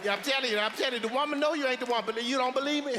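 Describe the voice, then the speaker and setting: A man's voice: very high voice, racing, in a large hall, noisy background. Madea, a man playing a brassy grandma. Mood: sassy lecturing. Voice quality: loud sassy drawl with folksy sayings. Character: brassy elderly Southern grandmother, blunt and preachy. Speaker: advice-giving matriarch. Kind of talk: film comedy-drama acting.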